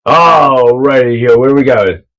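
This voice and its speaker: A man hosting a casual livestream, talking loudly and rambling between clips, on an earpiece mic. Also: mid-range voice, unhurried, rough recording. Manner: loud, rambling, laughs at his own clips. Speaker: livestream host.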